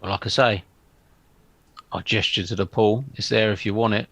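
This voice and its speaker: A man playing a tabletop game, speaking in a measured, slightly formal way. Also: fairly low pitch, fairly even intonation, a bit bright, no room sound. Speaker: player. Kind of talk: casual play at a tabletop game.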